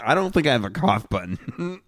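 A man's voice: mid-range voice, sing-song, normal speed, noisy background. A man hosting a casual podcast, joking and swearing, often breaking into laughter while giving advice. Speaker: podcast host. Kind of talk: casual chat. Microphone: podcast studio mic.

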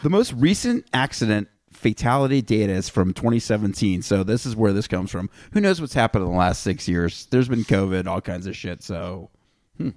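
A man's voice: lowish voice, very animated, moderate pace, a little mellow, no room sound, clean studio sound. A man hosting a casual podcast, reading out statistics with offhand jokes. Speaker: podcast host.

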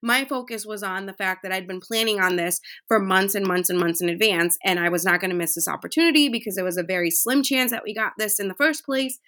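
A woman's voice: medium pitch, fast, few pauses, fairly bright tone. A woman in her thirties hosting a casual, heartfelt monologue, chatty with many fillers. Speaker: podcast host.

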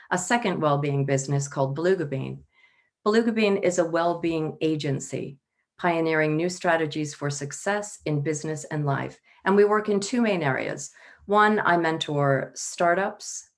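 A woman in her fifties talks as a guest on an online panel. Her voice sits low. She tells stories with an easy laugh in her talk. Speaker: panel guest, wellbeing consultant.

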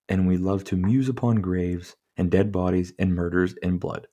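A man's voice: low-pitched, steady tone, unhurried, a little mellow. A man hosting a podcast, reading from a book aloud and tripping over words, breaking off for casual, profane commentary. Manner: stumbles over words, swears freely, chuckles at the text. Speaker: podcast host.

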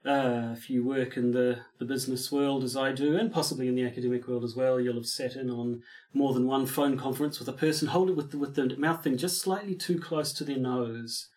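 Man, podcast co-host, dry and deadpan, wry banter, middle pitch. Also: brisk. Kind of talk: casual comedic banter. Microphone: studio mic, filmed on a sofa.

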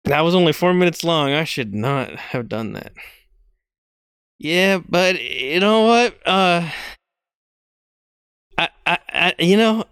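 A man's voice: on the high side, expressive, slow, long pauses, fairly bright tone, clean tone, no echo, studio quality. A young man hosting a podcast alone, rambling casually, mocking himself and laughing often. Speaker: podcast host.

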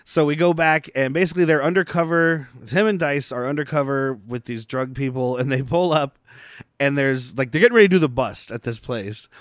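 A man's voice: medium pitch, fairly quick, dry recording. A man from Arizona co-hosting a podcast, recapping a film's plot with dry jokes. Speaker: podcast co-host. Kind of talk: casual chat.

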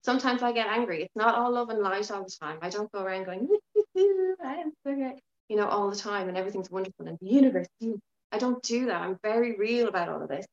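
A frank, lively woman chats as a podcast guest, her speech loose and candid with a casual swear here and there. Her voice sits at a medium pitch. The room rings around her, and the sound is slightly dull. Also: quick pace, reverberant. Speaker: podcast guest, yoga teacher. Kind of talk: casual interview chat.

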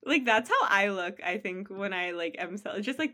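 A woman's voice: medium pitch, lively intonation, normal speed, bright, forceful tone. A woman co-hosting a casual hockey podcast, her voice leaping up and down with lots of expression. She chats playfully and giggles often between her points. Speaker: podcast co-host. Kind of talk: casual sports chat.

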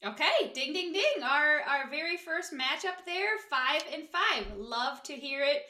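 Young woman, high voice, upbeat chatty sports talk, roomy echo. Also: expressive, unhurried, bright, forceful tone. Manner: upbeat, chatty, uses fillers like "like". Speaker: podcast co-host. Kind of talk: casual sports chat.

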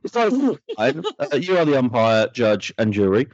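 A man hosting a podcast, telling stories in an animated, jokey way. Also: mid-range voice, moderate pace, dry recording, muffled recording. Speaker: podcast host. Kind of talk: casual podcast chat.

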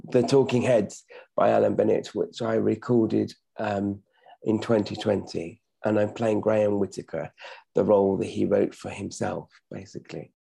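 A man's voice: fairly low pitch, steady tone, moderate pace, gravelly, mellow, slightly rough. A middle-aged man, an actor, chatting modestly as an interview guest, often correcting himself. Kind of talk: casual interview talk.

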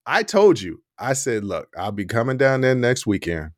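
A man's voice: mid-range voice, sing-song, moderate pace, no echo, clean studio sound. A man hosting a podcast, chatting casually, laughing often and speaking straight to his listeners. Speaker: podcast host. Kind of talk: casual chat.

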